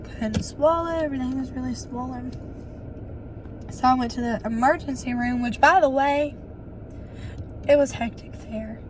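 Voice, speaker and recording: A young woman, chatting casually to camera, her voice hoarse and winded from bronchitis. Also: high voice, a little hiss or hum. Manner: chatty, storytelling, quick asides. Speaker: vlogger.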